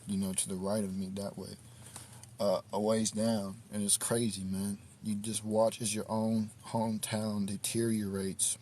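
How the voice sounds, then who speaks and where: Man, low voice, easygoing reflective streamer, outside at night, faint ambient hum behind. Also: little pitch movement, warm tone. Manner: laid-back, reflective, drawn-out talk. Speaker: livestream host. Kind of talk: casual livestream monologue. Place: outdoors at night in the cold.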